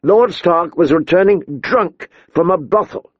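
A man's voice: high-pitched, a little slow, no room sound, lo-fi sound, voice pushed up. A man voicing a cold, haughty queen who speaks in icy, accusing tones. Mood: scornful.

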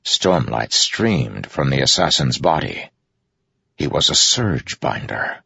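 A man reading a fantasy novel aloud in a measured, grave narration. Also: rumbling low, sing-song, vocal fry, pushed and bright, slightly rough, no echo. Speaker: audiobook narrator. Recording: dull lo-fi audiobook recording.

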